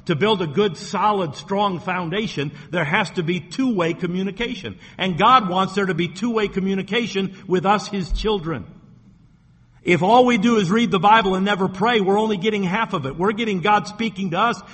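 A man's voice: sits high, fairly quick, fairly bright tone, in a large hall. A man preaching a sermon as pastor, talking earnestly with repeated words and rising emphasis.

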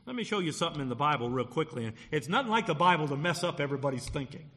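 Male pastor, bright and forceful tone, punchy emphasis on key words, long hall echo. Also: fairly high pitch, lively intonation, rapid-fire. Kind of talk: sermon.

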